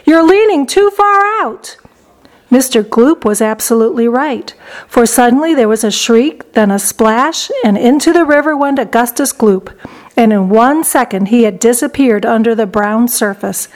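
High-voiced woman reading a storybook. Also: normal speed, a little mellow. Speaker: narrator.

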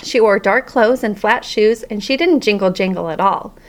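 Speaking at a moderate pace in a mid-range voice, a woman reads a children's audiobook with lively, expressive storytelling.

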